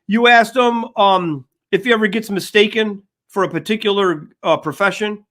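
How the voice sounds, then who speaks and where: An older man co-hosts a casual sports show in a high, bright voice. He jumps in eagerly and keeps recalling stories he and his partner lived through. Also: normal speed. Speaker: co-host.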